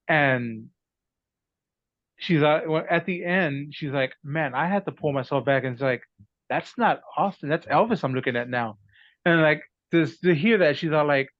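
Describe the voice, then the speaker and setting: A man's voice: on the high side, no echo, lo-fi sound. A man from Texas, a podcast guest who works as a tribute artist for a famous singer, telling rambling stories with frequent laughs. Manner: rambling storyteller, laughs often. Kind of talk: casual podcast chat.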